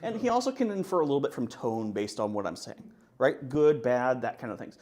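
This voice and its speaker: Hombre bromista dando una charla técnica. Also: male voice, mid-range voice, a little fast. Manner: joking, animated presenter. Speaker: conference speaker. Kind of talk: conference talk.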